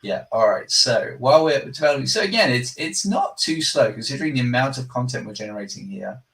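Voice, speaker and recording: A man hosts a casual software demo and talks with rambling enthusiasm, restarting his sentences along the way. His voice sits at a middle pitch. The mic is some distance from him, so he sounds slightly remote. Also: lively intonation, brisk, gravelly. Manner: enthusiastic, rambling and self-correcting. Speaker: product presenter and company host. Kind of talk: live product demo chat.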